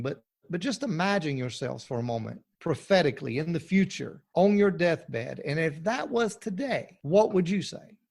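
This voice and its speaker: A man speaking as a pastor guest on a podcast interview, emphatic and preacherly, with frequent restarts. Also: on the high side.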